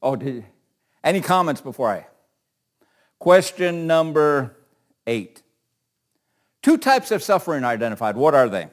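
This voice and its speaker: A man's voice: fairly high pitch, big pitch swings, measured pace, pauses often. A middle-aged man teaching an informal Bible class, talking in a loose, joking way and often repeating words.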